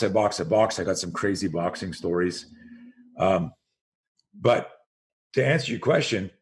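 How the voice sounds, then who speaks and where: A man in his sixties, a self-defense coach guesting on a podcast, telling stories with energy, acting out the voices he quotes and repeating words as he restarts a thought. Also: lowish voice. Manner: animated storyteller who acts out quoted voices. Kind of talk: storytelling interview.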